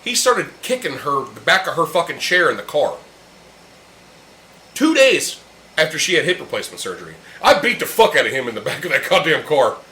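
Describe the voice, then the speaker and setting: This young podcast host speaks a little fast, his voice on the high side with big pitch swings and a pushed, bright quality. He rants heatedly and curses constantly while drinking beer with friends in a casual chat, recorded in an echoey room with faint ambient noise.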